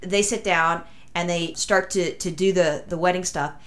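A woman with a somewhat low voice tells a long, winding anecdote in relaxed podcast chat. She strings her thoughts together with "and then" and "like," and breaks into quick impressions of the people in her story. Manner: rambling, animated anecdote with acted-out quotes.

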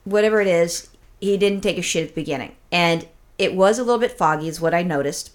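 A woman co-hosting a podcast, telling a story in a casual, profane, excitable way and acting out her own reactions. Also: on the low side, fast talker. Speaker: podcast co-host.

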